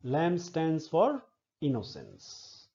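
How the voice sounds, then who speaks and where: A man lecturing on a poem, explaining it slowly and step by step and often repeating words. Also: fairly high pitch, huge pitch swings, gravelly, dark tone, lo-fi sound. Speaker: literature lecturer.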